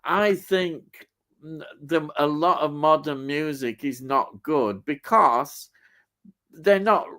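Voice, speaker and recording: A man hosting a livestream who talks slowly and rambles. His pitch sits a little high. He reads viewer comments and thinks aloud, with hesitant fillers between his points. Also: fairly bright tone. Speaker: livestream host. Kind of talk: casual chat.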